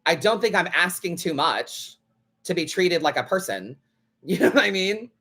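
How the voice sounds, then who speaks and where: A man's voice: sits high, lively intonation, moderate pace, a bit bright. A man hosting a live tarot stream, chatting casually in a blunt, sassy way and swearing freely. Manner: blunt, sassy, swears freely, acts out other people's lines.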